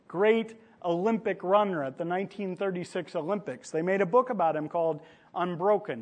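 A man preaching a sermon in a conversational storytelling manner, sometimes acting out the people in his stories. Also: high voice. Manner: conversational storytelling preacher, acts out quoted lines.

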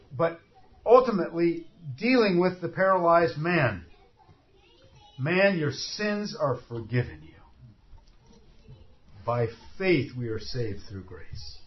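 A man preaching a sermon, telling the story vividly and acting out the scenes as he goes. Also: on the high side. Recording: dull lo-fi recording.

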